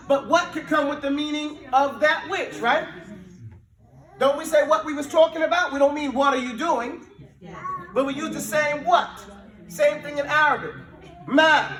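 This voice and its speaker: A man teaching an Arabic class, drilling his students in call-and-response and mixing Arabic with English as he explains words with lively emphasis. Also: very high-pitched. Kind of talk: classroom language lesson. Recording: echoey room, mic at a distance.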